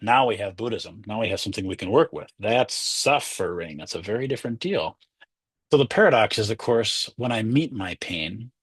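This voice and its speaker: A man's voice: fairly low pitch, a bit bright, slightly rough, no room sound. A man, a Zen teacher, giving a conversational dharma talk and acting out inner voices.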